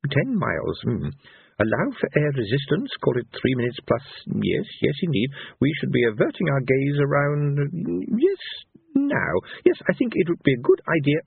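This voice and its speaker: A man's voice: medium pitch, wildly swooping pitch, normal speed, creaky, breathy edge, dry recording, pitched above the performer's own voice, exaggerated voice. A man voicing a fussy, precise old inventor who murmurs calculations aloud, with a tinny, phone-like sound. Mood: musing.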